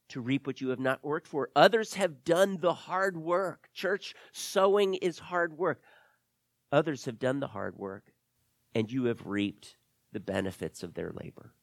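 A man pastor preaching and reading scripture aloud, hammering points home by repeating them. His pitch leaps around animatedly and sits fairly high. The recording is dry and close. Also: no echo. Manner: emphatic, repeats phrases for stress.

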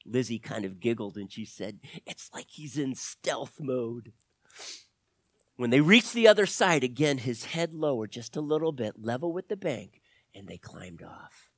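A man's voice: mid-range voice, vocal fry, dry recording. A man telling an adventure story expressively, sometimes dropping to a whisper.

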